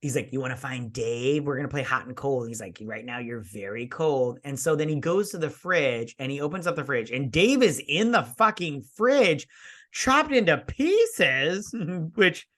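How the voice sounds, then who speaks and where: A man's voice: a little high, expressive, normal speed, fairly bright tone. A young man co-hosting a casual movie-review chat while drinking, telling a rambling story full of swearing and mimicked voices. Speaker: podcast co-host.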